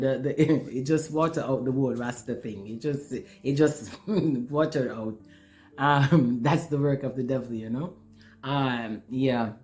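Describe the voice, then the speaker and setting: Emotional spiritual testimony, earnest speaker, repeats words, mid-pitched voice, faint music behind. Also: darkish tone. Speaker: spiritual storyteller.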